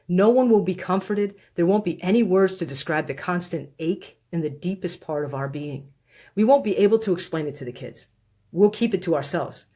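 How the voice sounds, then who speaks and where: A woman reading her own book aloud in a live stream, pleading and heartfelt, with slow, deliberate phrasing. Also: lowish voice, warm tone, slightly rough. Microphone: phone or webcam on a live stream.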